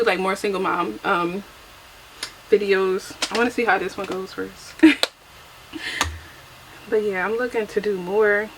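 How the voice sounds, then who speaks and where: A woman's voice: fairly high pitch, background noise. A young adult woman chatting casually through a get-ready-with-me makeup vlog, chatty and self-deprecating, laughing often, recorded on a camera mic at home. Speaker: beauty vlogger.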